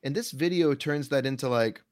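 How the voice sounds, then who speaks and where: A man's voice: mid-range voice, brisk, darkish tone. A man as a podcast guest, talking casually with dry sarcastic jokes. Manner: sarcastic, joking.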